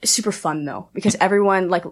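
A young woman, a guest and aspiring wrestler, telling a story in a rapid, animated casual chat full of fillers. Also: on the low side.

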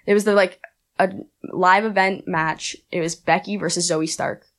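A young woman chatting casually, telling an animated story full of "like" and acted-out quotes. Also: on the low side. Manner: rapid, animated, heavy use of "like". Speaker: aspiring pro wrestler, guest.

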